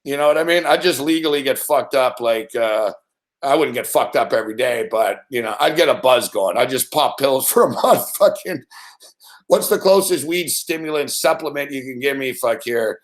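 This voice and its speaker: A middle-aged man with a mid-range voice talks at a moderate pace as host of a sports betting show. He swears nonstop through a casual, profane rant, telling stories and acting out the other people in them.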